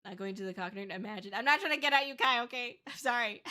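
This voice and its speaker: With a fairly high, bright, forceful voice and a fast pace, a young VTuber streamer talks openly with viewers in casual livestream chat. She rambles, peppering her speech with fillers and restarts.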